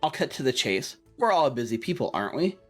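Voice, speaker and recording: Man doing glib small-town mayor, hearty, flattering, tabletop game voice. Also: mid-range voice, brisk, faint music behind. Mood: persuasive. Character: smooth-talking middle-aged male town mayor, politician.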